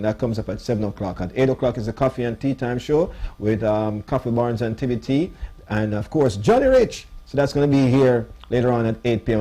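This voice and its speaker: A man with a mellow, relaxed voice hosting a live radio stream. He thanks his guests and runs through the schedule in an upbeat announcer's patter, with a mid-range pitch. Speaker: radio show host. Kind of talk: live radio show wrap-up.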